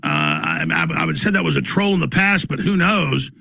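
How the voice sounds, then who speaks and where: Male talk host, gravelly and bright, lively swooping delivery. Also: on the high side, moderate pace, dry recording. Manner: animated, stammering restarts. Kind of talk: talk show debate.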